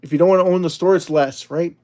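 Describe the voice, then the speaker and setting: A man hosting a livestream in a loose, rambling way, chatting with viewers and reading their messages aloud. His voice sits a little higher than most men's. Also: steady tone, fast, dark tone. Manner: rambling, chatty, with frequent restarts and laughs. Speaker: livestream host. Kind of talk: casual livestream talk reading out chat.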